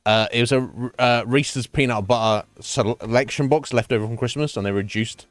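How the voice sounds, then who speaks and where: A man's voice: mid-range voice, moderate pace, dry recording. A man chatting casually on a gaming stream at home, rambling and swearing freely. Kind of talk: casual chat while gaming.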